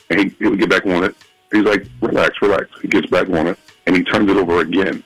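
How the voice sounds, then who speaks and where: A man from Philadelphia calling in to a radio show, telling a story in a casual, animated way. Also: fast, no room sound, soft background music, rough recording. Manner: animated, acts out quotes in a high voice. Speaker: phone-in guest. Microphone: phone call.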